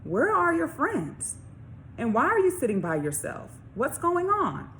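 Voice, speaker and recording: A woman reading aloud, voicing a caring mother who is patient and gently firm with her young son. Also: high-pitched, wildly swooping pitch, measured pace, slight background noise, pitched above the performer's own voice, heavily acted. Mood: concerned.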